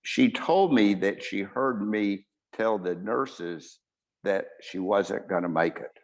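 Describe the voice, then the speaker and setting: A man, a surgeon, recounting a patient's story on a webinar in a halting way, with frequent restarts and self-corrections. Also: lowish voice.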